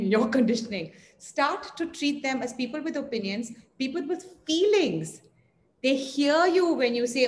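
A woman's voice: a little high, slight background noise. A woman speaking earnestly on a panel about parenting, emphatic and full of rhetorical questions. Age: adult parent. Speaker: guest speaker on yoga parenting. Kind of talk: online panel talk.

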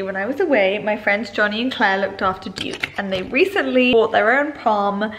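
A woman's voice: mid-range voice, normal speed, hardly any pauses, a bit bright. A young woman talking openly and chattily to her camera at home, with lots of "like" fillers. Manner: open, confiding, chatty with many "like" fillers. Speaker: vlogger. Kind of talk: candid casual vlog talk to camera.

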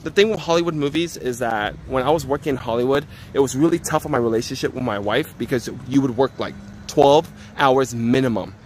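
A man streaming live outdoors on a phone, chatting casually and joking loudly with viewers and family. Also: mid-range voice, fairly quick, a little hiss or hum. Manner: joking, loud, excitable banter. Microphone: handheld phone.

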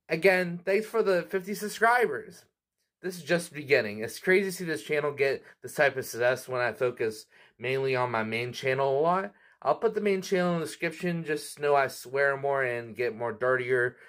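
A man's voice: mid-range voice, a bit bright. A man hosting a cartoon review channel, talking in a chatty, casual way with frequent laughs. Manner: chatty, laughs often, quick asides.

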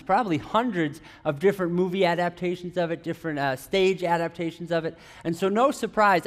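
A man preaching a conversational sermon, often asking the audience questions and adding playful teasing asides. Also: high voice. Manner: chatty, asks the audience questions, many restarts. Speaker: pastor.

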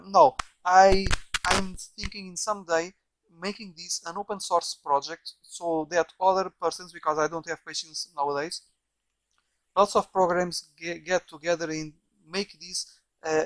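Rambling man, slightly high voice. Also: fairly bright tone, dry recording. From Portugal. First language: Portuguese. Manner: rambling, with many repeated words and restarts. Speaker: software developer. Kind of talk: casual software walkthrough. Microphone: bad microphone.

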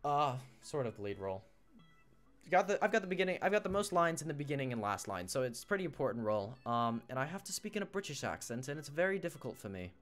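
A man's voice: medium pitch, very animated, quick pace, fairly bright tone, soft background music. A teenage boy streaming a game, chatting casually with viewers and thinking aloud as he plays. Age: teens. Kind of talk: casual live-stream chat. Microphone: desk mic he must face toward.

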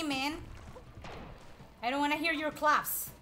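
A woman streaming a video game, excitedly chatting to the enemies she fights and repeating herself when frustrated, with game music faintly behind her. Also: high-pitched, takes it slowly, a little hiss or hum. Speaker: gameplay streamer. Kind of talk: live gameplay commentary.

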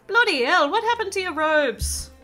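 A woman's voice: very high-pitched, expressive, moderate pace, bright, forceful tone, soft background music, voice pushed up, full character voice. A woman reading the lines of a worried young schoolboy classmate aloud from a game. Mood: startled. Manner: read-aloud game dialogue, exclamatory.

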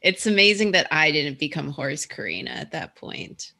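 A woman's voice: sits low, big pitch swings, normal speed, creaky, bright, forceful tone. A woman co-hosting a drawing livestream in casual chat, who giggles often between her words. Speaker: stream co-host.

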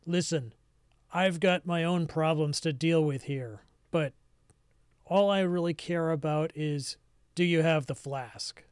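A man's voice: on the high side, takes it slowly, smooth, no echo, clean studio sound. A man voicing an authoritative, impatient duke in a tabletop game. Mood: curt. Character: authoritative male duke, curt and demanding.

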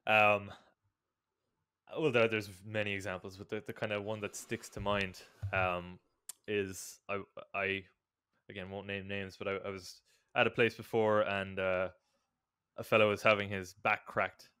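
Man, bright clear voice, dry close recording, halting podcast chat. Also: on the low side, little pitch movement, no room sound. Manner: hesitant, many ums and restarts, laughs while telling. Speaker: podcast co-host, strength coach.

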